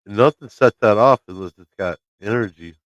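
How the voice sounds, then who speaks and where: A man's voice: on the low side, normal speed, dry recording, lo-fi sound. A man hosting a casual live stream from his home, telling a story in a loose, swearing way and acting out the lines of the people in it. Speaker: livestream host. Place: home, by his laundry room.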